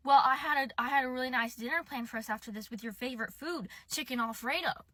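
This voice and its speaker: Clingy young man on a bad date, put on by a woman, pleading, persistent, bright tone, dry close sound. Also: very high-pitched, fast talker, no echo.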